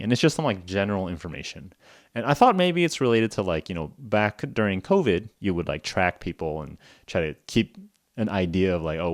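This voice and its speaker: A man's voice: sits low, dry recording, studio quality. A man hosting a casual podcast for English learners, explaining things in a chatty way, checking in with "okay?" and acting out little phone conversations. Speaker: English teacher and podcast host.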